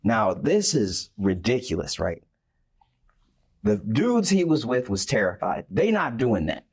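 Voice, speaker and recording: A man retelling a Bible story in a casual faith discussion, animated and acting out the scenes. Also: lowish voice, unhurried, vocal fry, slightly rough.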